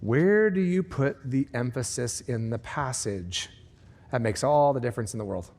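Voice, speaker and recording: A pastor preaching a conversational sermon in a church, with lively asides to the congregation. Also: male voice, medium pitch, normal speed, gravelly. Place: church sanctuary.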